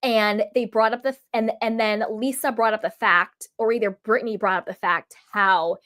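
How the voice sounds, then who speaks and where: A woman giving an emphatic, opinionated recap of a reality show episode in a casual vlog, full of quick asides. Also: a little high, fairly even intonation, a bit bright. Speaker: reality TV reviewer.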